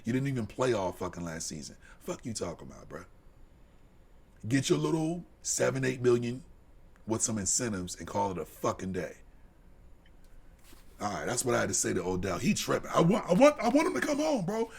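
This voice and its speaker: A man co-hosting a live sports podcast, delivering a heated, profane rant that drops to low mutters and climbs to shouts. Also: very animated, a little fast, creaky, slightly rough. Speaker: podcast co-host.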